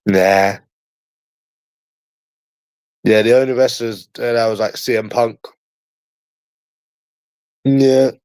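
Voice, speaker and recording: London guy chatting slow and teasing, says the same thing over and over, dry close sound. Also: mid-range voice, steady tone, a little mellow, smooth, no room sound. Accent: London English. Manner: repetitive, teasing, slangy. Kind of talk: casual chat.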